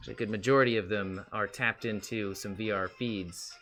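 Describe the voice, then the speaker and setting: A cocky twelve-year-old hacker girl, as a man puts her on in a tabletop game, boastful and offhand. The voice is bright and forward at a middling pitch. Faint music plays behind. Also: steady tone, normal speed, natural voice. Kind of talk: tabletop role-play in character.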